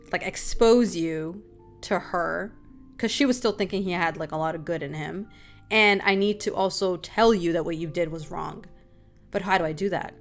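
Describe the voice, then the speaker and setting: A young adult woman hosting a casual group talk, telling a personal story with lively, animated delivery and calling listeners "y'all". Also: medium pitch. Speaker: talk show host.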